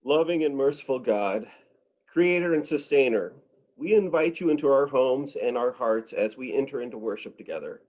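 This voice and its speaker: A man leading an opening prayer in worship, measured and reverent. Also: mid-range voice, expressive, darkish tone. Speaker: worship leader. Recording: dull lo-fi sound.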